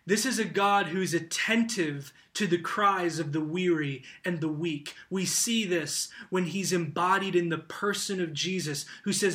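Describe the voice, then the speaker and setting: A male pastor preaching a sermon, emphatic, asking rhetorical questions and swinging from loud to hushed. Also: sits high, a little slow, few pauses.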